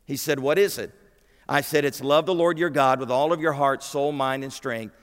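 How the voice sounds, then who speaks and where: Emphatic preacher in reverberant hall. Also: male voice, mid-range voice, steady tone, moderate pace, clean tone. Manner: emphatic, asks the congregation questions. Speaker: pastor. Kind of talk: sermon. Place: church sanctuary.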